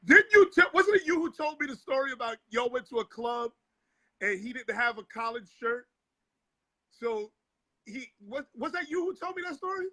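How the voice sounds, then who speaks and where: A male host running a casual interview, eager and quick to affirm his guest. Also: very high voice, animated, pushed and bright, no echo.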